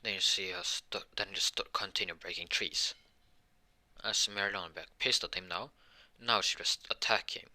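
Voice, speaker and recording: Low, sharp-toned man rambling a story. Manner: rambling, halting, many restarts and self-corrections. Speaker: fan storyteller. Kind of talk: improvised fan-fiction narration.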